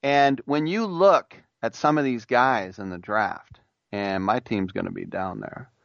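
A man's voice: lowish voice, measured pace, vocal fry, a bit bright, no echo, highs cut off. A man hosting a sports talk radio show, chatting in a rambling, jokey way. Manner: rambling, jokey, does impressions of announcers.

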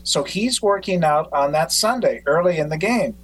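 A man hosting a podcast who tells stories in an animated way and acts out quotes. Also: a little high, normal speed, poor audio. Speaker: podcast host. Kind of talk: casual conversation.

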